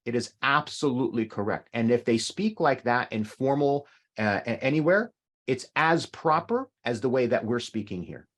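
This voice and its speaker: A man's voice: mid-range voice, animated, normal speed, fairly bright tone. A middle-aged man teaching an online language class over a video call, patiently explaining with examples. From North America.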